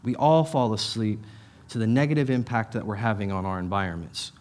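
A middle-aged pastor giving a conversational sermon, with emphatic repetitions and casual asides. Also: male voice, lowish voice, lively intonation, brisk, darkish tone.

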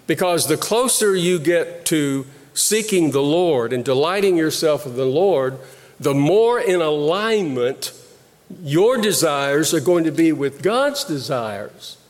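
A man preaching a sermon, slow and deliberate, pausing and repeating phrases as he teaches. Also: on the high side, animated, big-room sound. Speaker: pastor.

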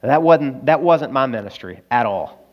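An Arkansan male pastor preaching a sermon in an earnest, confessional storytelling voice. His pitch sits in the middle, and he swings between quiet admissions and loud, emphatic peaks. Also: animated, moderate pace, muffled recording.

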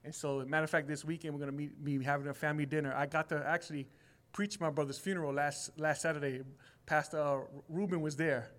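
A man's voice: on the high side, steady tone, fast talker, a bit bright. A man in his forties sharing a heartfelt personal testimony at church in casual everyday speech, growing emphatic. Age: 40s.

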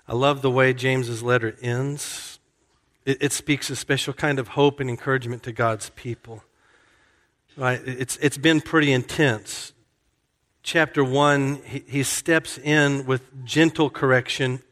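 A man's voice: medium pitch, steady tone, measured pace, a bit bright. A male pastor preaching a sermon, telling a story in a conversational way that often restarts mid-sentence. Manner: conversational, self-correcting storyteller. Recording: long hall reverb.

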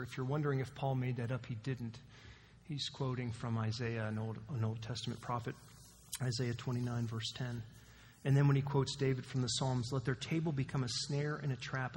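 Animated man preaching in a reverberant sanctuary. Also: mid-range voice, a little hiss or hum. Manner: animated preaching, rising emphatic questions to the congregation. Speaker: pastor. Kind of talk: sermon. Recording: long hall reverb.

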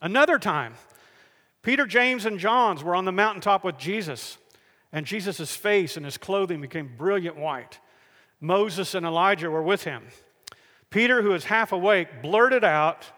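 A man preaching a sermon, telling the stories in a lively way and acting out the people in them. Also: sits high, normal speed, big-room sound. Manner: animated storytelling, acts out the figures in the stories.

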